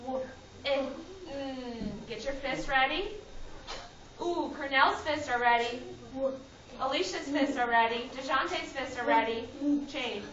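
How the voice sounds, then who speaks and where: A woman's voice: high voice, a little slow, a bit bright, a little hiss or hum. A woman teaching a phonics lesson to young children, calling on students by name and giving firm directions in a sing-song way. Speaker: kindergarten teacher. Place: classroom with children on a rug. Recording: roomy, distant, dull classroom camera recording. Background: children's voices.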